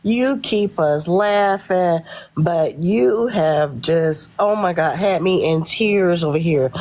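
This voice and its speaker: A woman's voice: fairly low pitch, slow pace, darkish tone. A woman caller with a congested, stuffy voice, talking in a gushing, emphatic way. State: congested from sinuses.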